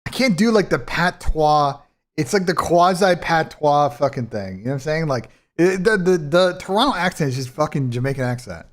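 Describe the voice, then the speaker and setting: Hosting a live esports watch party, a male streamer and commentator talks at a normal speed in a fairly high, animated voice. His speech is casual, blunt, and profane, and it wanders and restarts.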